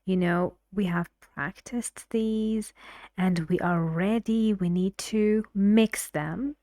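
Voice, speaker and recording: Female pronunciation teacher, very slow, encouraging, dry close-mic delivery with half-whispered asides. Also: mid-range voice, warm tone, no room sound. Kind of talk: online pronunciation lesson.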